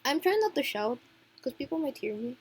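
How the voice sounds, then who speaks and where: An earnest young game heroine, read by a woman, anxious and tender, with a high, light voice. She speaks in a pleading, heartfelt way. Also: sing-song, fairly quick, darkish tone. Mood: worried.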